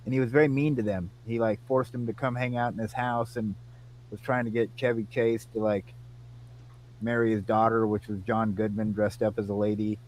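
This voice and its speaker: A man from Iowa telling an animated story to friends, acting out both sides of the conversation. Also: fairly low pitch, fairly quick, a little hiss or hum. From Iowa, United States. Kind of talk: casual storytelling among friends.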